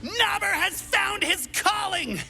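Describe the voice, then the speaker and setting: A woman voicing an eager, clumsy young male would-be adventurer in a video game, who talks excitably, rambles and stumbles over his words. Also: very high-pitched, slow, creaky, soft background music, heavily acted. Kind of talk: game character dialogue.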